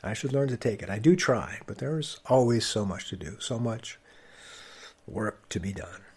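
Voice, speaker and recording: Brief: middle-aged male host, husky, lively pitch, wry storyteller dropping to quiet asides. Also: moderate pace. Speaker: podcast host. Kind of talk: reflective storytelling monologue.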